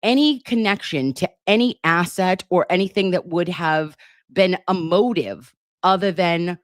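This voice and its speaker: A woman's voice: lowish voice, no echo, studio quality. A woman hosting a commentary channel, talking in a sarcastic, scolding way. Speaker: commentator host. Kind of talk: animated casual commentary.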